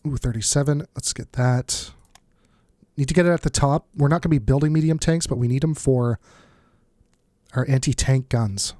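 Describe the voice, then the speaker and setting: A let's play host with a stuffed-up nose offers casual, think-aloud commentary on a strategy game, muttering asides as he goes. He speaks at medium pitch and a moderate pace in a mellow voice, with clean studio sound and no room sound.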